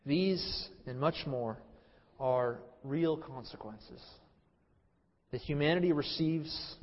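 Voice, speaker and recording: A man in his thirties preaching a sermon as pastor, impassioned, swinging from loud emphasis to a low hush. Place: church sanctuary. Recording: muffled sound in a hall with long reverb.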